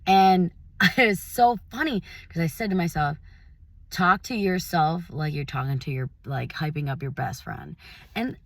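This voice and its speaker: A young woman giving a casual motivational talk, chatty and full of fillers, swinging between loud hype and soft mutters. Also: on the low side, unhurried, dry recording. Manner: chatty, lots of "like" fillers and self-quoting. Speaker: motivational vlogger.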